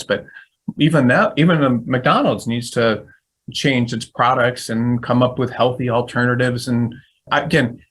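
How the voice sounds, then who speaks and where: A man's voice: mid-range voice, a bit bright, slightly rough, rough recording. A middle-aged man giving a casual webinar talk, telling stories with many restarts. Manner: rambling storytelling with frequent restarts. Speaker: legal recruiter giving a webinar.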